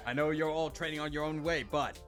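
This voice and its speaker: A man's voice: on the high side, little pitch movement, fast talker, a bit bright, faint music behind, voice pushed down, natural voice. A man voicing a confident, scheming young male student with a grand, theatrical delivery.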